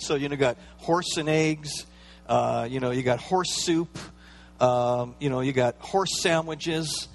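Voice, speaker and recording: A man's voice: a little high, animated, a little slow, faint music behind. Man preaching in a conversational tone. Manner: conversational preaching with fillers and playful asides. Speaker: pastor. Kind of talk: sermon.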